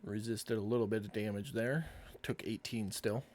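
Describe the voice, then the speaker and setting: Low-voiced man running a tabletop game. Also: fairly even intonation, darkish tone. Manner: unhurried, matter-of-fact rulings with easy laughs. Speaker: game master.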